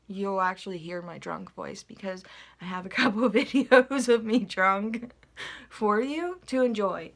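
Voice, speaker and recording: A woman's voice: medium pitch, a bit bright. A woman casually telling a dream to her viewers in a rambling way, full of fillers and asides. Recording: phone recording, unedited.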